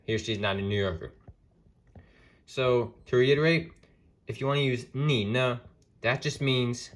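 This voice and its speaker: A man teaching a language lesson in a casual way, explaining step by step and saying example phrases slowly. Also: medium pitch, fairly bright tone. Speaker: language tutor. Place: room with a whiteboard.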